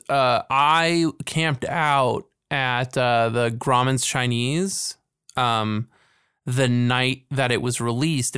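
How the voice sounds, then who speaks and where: A man in his forties co-hosting a podcast in casual chat, relaxed and a bit rambling with fillers. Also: mid-range voice, clean tone, no room sound, studio quality. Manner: relaxed, laughing, trailing off with fillers. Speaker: podcast co-host.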